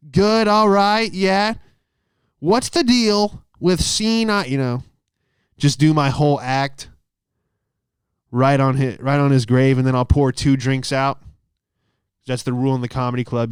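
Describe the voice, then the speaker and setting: A man's voice: mid-range voice, a little mellow, clean tone, no room sound, clean studio sound. A young adult man, a comedian hosting his own show, telling a long profane story alone in a small closet. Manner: profane, loose, laughs mid-story. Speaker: comedian podcast host. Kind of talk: rambling solo storytelling. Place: small closet, dry sound.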